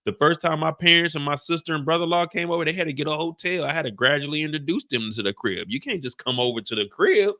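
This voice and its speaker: Animated gravelly man recapping a show. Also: fast talker, hardly any pauses. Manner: animated, acts out characters in high and low voices. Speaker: show reviewer. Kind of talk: casual recap commentary.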